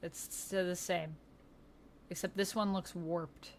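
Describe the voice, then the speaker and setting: A woman's voice: lowish voice, steady tone, slow pace, a little hiss or hum. A woman streamer chatting casually during a live stream, thinking aloud while she fixes her setup. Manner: chatty, laughs often, thinks aloud while fixing tech.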